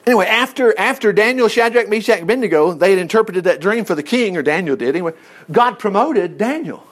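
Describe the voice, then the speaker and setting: A man's voice: high voice, expressive, quick pace. A man teaching a Bible chapter in a loose, rambling way, laughing often and acting out the quotes. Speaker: preacher.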